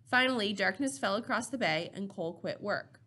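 A woman narrating a novel chapter in a steady, measured reading voice. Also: medium pitch. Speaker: audiobook reader.

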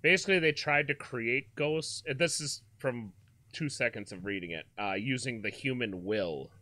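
A man co-hosts a loose comedy podcast, steering the talk with quick jokes. His voice is bright and forward, and it sounds close and dry with no room around it. He talks in an easy, teasing way. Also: medium pitch, dry recording. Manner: joking, leads the discussion. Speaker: podcast co-host. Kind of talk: casual comedic podcast chat.

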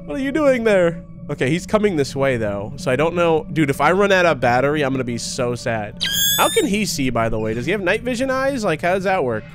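A young man giving excitable, laughing commentary while playing a horror video game. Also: a little high, quick pace, music in the background. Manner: excitable, laughing, talks to himself and the viewers. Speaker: gaming YouTuber.

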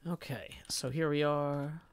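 A man's voice: on the high side, steady tone, a little slow, smooth. A man chatting casually while gaming on a live stream, reading viewer comments aloud in an easygoing, self-mocking way.

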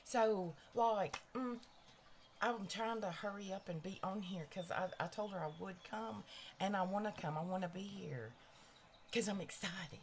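A woman's voice: medium pitch, a little slow, a little hiss or hum. A woman hosting a casual live stream from her bedroom, chatty and bubbly, greeting viewers by name. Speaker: livestream host. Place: bedroom at home.

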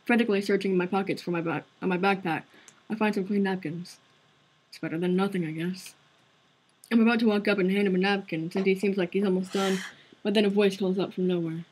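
A woman's voice: mid-range voice, steady tone, a little fast, darkish tone, a little hiss or hum, low-quality recording. A woman streaming a visual novel, narrating its story aloud in an earnest, conversational way. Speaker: game streamer.

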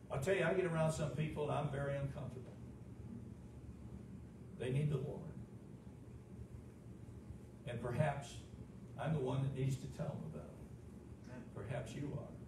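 Male pastor, emphatic sermon delivery; higher-pitched, recorded far off in an echoey church. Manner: emphatic preaching with rhetorical questions. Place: church sanctuary. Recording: echoey room, distant mic, noisy.

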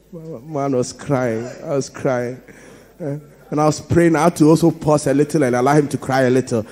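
A man with a Ghanaian accent preaching a sermon, telling stories with animated swings between soft asides and loud, laughing outbursts. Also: mid-range voice, unhurried, long pauses. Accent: Ghanaian English. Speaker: pastor.

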